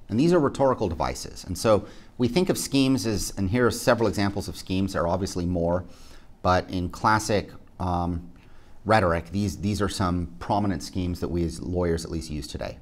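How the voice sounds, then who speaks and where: Deep-voiced man lecturing on persuasion. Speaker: law school clinic instructor. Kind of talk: recorded legal education lecture.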